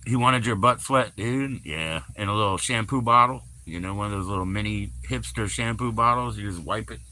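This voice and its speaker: Bright, loose-talking man on a livestream. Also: lowish voice, fairly quick, a little hiss or hum. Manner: loose, swearing, laughs often, lots of fillers. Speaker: livestream host. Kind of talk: casual rambling livestream chat.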